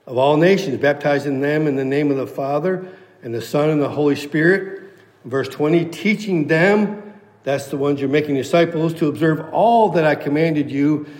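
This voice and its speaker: A man's voice: on the high side, a little mellow, echoey room, big-room sound. A pastor preaching a sermon to his church, emphatic and repeating key phrases for weight.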